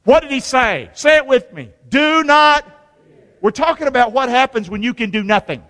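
A male pastor preaching a sermon, lively and conversational, with call-and-response and joking asides. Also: extremely high pitch, moderate pace. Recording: long hall reverb.

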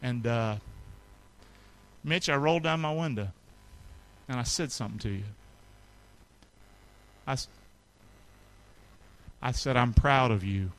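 A middle-aged male pastor preaching a sermon to his congregation, calling for responses and swinging between loud peaks and soft asides. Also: medium pitch, slow pace, pauses often. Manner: call-and-response preaching, rising to shouts then dropping soft. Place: church sanctuary with congregation.

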